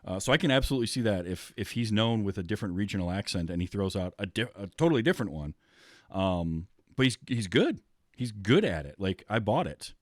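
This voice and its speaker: A man with a fairly low voice hosts a relaxed film podcast. He rambles through his thoughts with frequent fillers and restarts. The sound is dry and close. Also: brisk, no room sound. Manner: chatty, many fillers and restarts. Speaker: podcast host. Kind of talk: casual film discussion.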